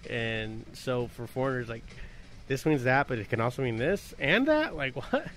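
A man's voice: medium pitch, lively intonation, normal speed, fairly bright tone, slight background noise. A man hosting a podcast in loose casual chat, rambling with many fillers and swearing freely. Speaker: podcast host.

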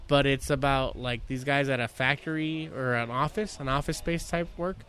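A man in casual conversation, telling a rambling, animated story with many restarts. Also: medium pitch, normal speed. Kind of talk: casual chat.

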